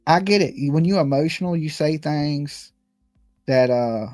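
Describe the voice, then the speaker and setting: A man's voice: on the high side, moderate pace, darkish tone, no room sound, faint music behind. A man hosting a casual commentary show, rambling and laughing as he tells stories. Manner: rambling, laughs often, storytelling. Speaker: host.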